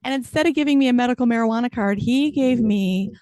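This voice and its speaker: This is a woman in her fifties working a stand-up set, landing self-deprecating jokes with a wry edge. Her voice sits slightly high for a woman. The sound is close and dry, with no room around it. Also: fast talker, a little mellow, no room sound. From United States. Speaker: stand-up comic.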